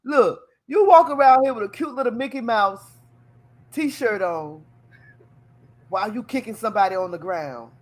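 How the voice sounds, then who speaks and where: A woman hosting a casual live chat show, animated and teasing, laughing often as she talks. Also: fairly high pitch, moderate pace, pauses often. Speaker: talk show host.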